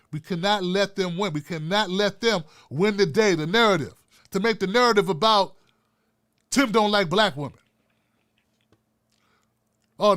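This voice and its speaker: A man's voice: high-pitched, a bit bright. A man hosting his own commentary show, speaking with passion, often repeating and restarting phrases for emphasis and talking straight to his viewers. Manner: addresses viewers directly and casually. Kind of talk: impassioned political commentary.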